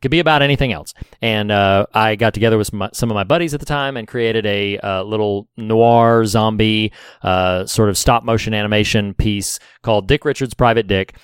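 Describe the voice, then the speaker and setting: A man co-hosting a podcast in casual chat, measured and pausing often with "uh". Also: on the low side, clear, resonant tone, no echo. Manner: measured, with many "uh" pauses. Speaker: podcast co-host.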